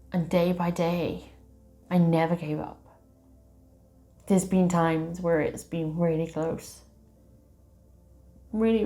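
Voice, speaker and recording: A woman, a tarot reader hosting her channel, telling a personal story to camera in a soft, slow, heartfelt way. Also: lowish voice.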